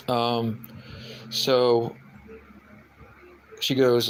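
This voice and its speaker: A man's voice: mid-range voice, completely flat delivery, drawn-out words, pauses often, clear, resonant tone, low-quality recording. A man hosting a livestream, rambling and hesitant, answering viewer comments with lots of fillers and restarts. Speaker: livestream host. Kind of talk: casual chat, reading out viewer comments.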